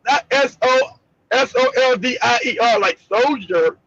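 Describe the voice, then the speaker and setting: A man co-hosting an online talk show, chatting bluntly with lots of laughter and animated retelling. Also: extremely high pitch, a little slow, creaky, no room sound, highs cut off. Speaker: co-host. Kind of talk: casual chat.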